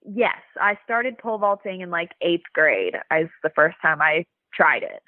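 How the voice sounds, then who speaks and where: A woman's voice: fairly low pitch, normal speed, dry recording. Bubbly young woman over a phone line. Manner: bubbly, laughs often, animated storytelling. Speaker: guest, Olympic pole vaulter.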